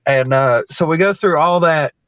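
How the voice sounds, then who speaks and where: A man's voice: a little high, moderate pace, fairly bright tone, no room sound, highs cut off. A man who is a wrestler, telling a story on a podcast as a guest, with lots of fillers and frequent laughs. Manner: laughs often, rambling with many fillers. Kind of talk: casual storytelling.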